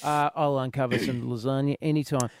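A man's voice: medium pitch, fairly even intonation, gravelly, clear, resonant tone. A man with an Australian accent hosting a radio show, joking and bantering with callers and guests. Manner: jokey, quick, laughs often. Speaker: radio host. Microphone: studio mic.

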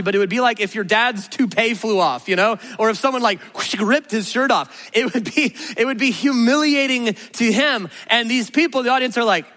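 A high-pitched male pastor preaching in an animated, earnest way. His bright voice carries a long reverb from a large church hall. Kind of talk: sermon.

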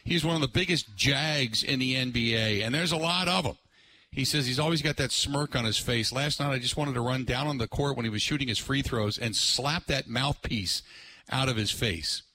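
On a remote live broadcast, a male sports talk radio host rambles along with plenty of fillers and sudden bursts of excitement. He speaks at a normal speed with a medium pitch.

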